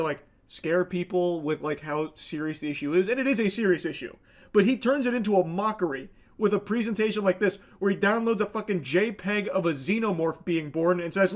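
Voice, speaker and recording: A man hosting and commenting on a clip, ranting in a sardonic, profane way. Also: sits high. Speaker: host.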